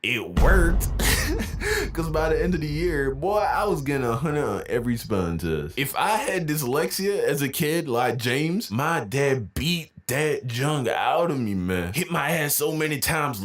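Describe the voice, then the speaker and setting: A man telling a comic childhood story in a lively, exaggerated way, sometimes wailing as if crying. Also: medium pitch. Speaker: storyteller in a comedy video. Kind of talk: animated comedic storytelling.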